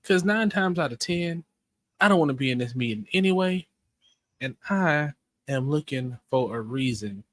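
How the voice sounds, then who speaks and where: A man's voice: mid-range voice, lively intonation, normal speed, dry recording. A man co-hosting a podcast in casual chat, easygoing and wry, with a mild way of speaking. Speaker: podcast co-host.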